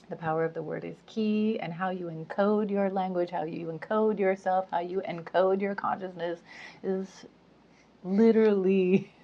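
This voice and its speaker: A woman with a low voice speaks at an unhurried pace in a loose, chatty monologue. She giggles often and fills pauses with ums and likes. The recording is dull and lo-fi. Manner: chatty, giggly, many fillers. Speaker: spiritual speaker. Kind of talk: casual monologue to camera. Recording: dull lo-fi sound.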